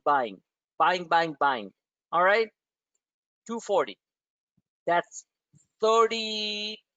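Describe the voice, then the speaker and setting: Man, trading webinar host, blunt, profane, emphatic, high voice, dry sound. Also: pushed and bright, dry recording, rough recording. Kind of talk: live trading webinar rant.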